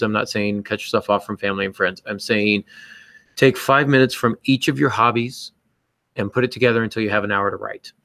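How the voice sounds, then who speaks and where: A man's voice: lowish voice, gravelly, fairly bright tone, dry recording. A man co-hosting a podcast, talking in an earnest, self-deprecating way with many fillers. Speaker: podcast co-host. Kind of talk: casual podcast chat giving writing advice.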